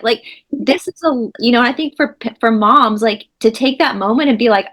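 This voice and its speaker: A woman's voice: a little high, normal speed, a bit bright. Woman, co-host, emphatic and earnest, rambling, video call. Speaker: co-host interviewer. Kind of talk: casual video-call chat.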